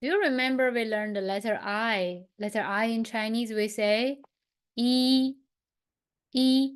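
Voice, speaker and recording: A woman teaching an online lesson, leading slow, patient pronunciation drills and repeating each sound. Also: on the high side, smooth. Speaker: language teacher.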